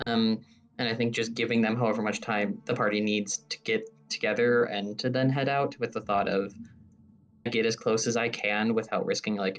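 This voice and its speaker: A man's voice: lowish voice, far from the mic. A man playing a tabletop game, thinking aloud hesitantly about his character's plan. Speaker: player. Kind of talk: casual tabletop play.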